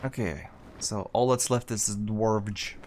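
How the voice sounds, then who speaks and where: A man's voice: lowish voice, steady tone, a little slow, darkish tone, slight background noise. Wry man streaming a fantasy game. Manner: wry, joking asides to chat. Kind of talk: casual gameplay commentary.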